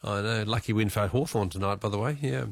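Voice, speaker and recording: A man's voice: fairly low pitch, quick pace, creaky, dry recording. A man hosting a talkback radio show, chatting casually with callers and musing aloud with frequent chuckles. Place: radio studio.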